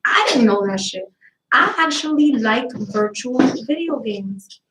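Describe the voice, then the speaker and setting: A woman with a slightly high voice and lively intonation chats casually on her own live talk stream, which she hosts. She takes her time, speaking bluntly and profanely as she rambles from one story to the next. The room sounds spacious, and there's background noise.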